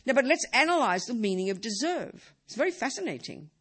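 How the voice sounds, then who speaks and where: A woman's voice: on the high side, big pitch swings, a little fast, fairly bright tone, husky. A woman teaching Buddhism in a talk, emphatic and full of rhetorical questions.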